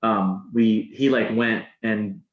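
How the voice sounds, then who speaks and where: A man's voice: on the low side, fairly even intonation, slow. A man guest on a podcast, telling a story casually, rambling, with many restarts and "like"s. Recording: roomy, dull sound.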